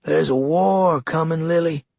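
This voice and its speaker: A menacing one-armed town boss played by a man speaks in a gravelly Georgia twang, lifting his voice above the narrator's own and leaning hard on every word. The delivery is theatrical and sardonic, with a husky edge. The audiobook recording sounds dry and a little muffled. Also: a little high, measured pace, darkish tone, no room sound, pitched above the performer's own voice. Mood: ominous warning. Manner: theatrical, exaggerated enunciation. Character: menacing one-armed male town leader, middle-aged.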